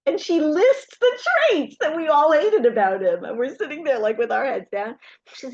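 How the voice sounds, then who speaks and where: A woman's voice: sits high, normal speed, no room sound, muffled recording. A middle-aged woman telling anecdotes to an audience, acting out the voices of the people in her stories. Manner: lively anecdotal storytelling, acts out quoted voices. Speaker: speaker. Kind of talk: storytelling talk to an audience.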